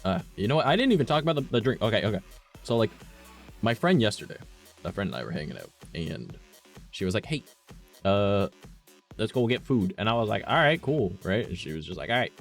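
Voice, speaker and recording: A man's voice: lowish voice, very animated, fairly quick, creaky, long pauses, soft background music. A man, a streamer chatting casually and telling a rambling, profane story, acting out the lines of the people in it.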